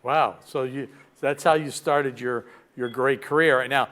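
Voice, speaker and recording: A man's voice: medium pitch, fairly even intonation, fairly bright tone. A man in his seventies hosting a radio interview in a casual, encouraging way. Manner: encouraging, quick to agree.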